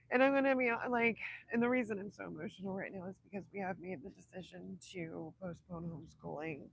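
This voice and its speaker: Slow-talking woman in her 30s doing a livestream chat, raspy and gravelly, gets emotional and soft. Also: fairly high pitch, a little hiss or hum, poor audio. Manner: emotional and heartfelt, often dropping to a whisper. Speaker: livestream host. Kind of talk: casual livestream chat with viewers.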